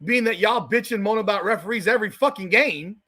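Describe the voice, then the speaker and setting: A man's voice: sits high, brisk, sharp tone. A man from South Florida hosting a live watch-party podcast, ranting profanely and heatedly over the game. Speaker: podcast host.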